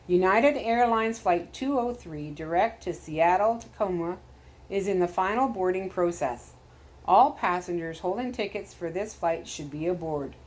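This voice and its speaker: A woman voicing an airport announcer who gives boarding calls slowly and formally. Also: on the low side, expressive, low-quality recording.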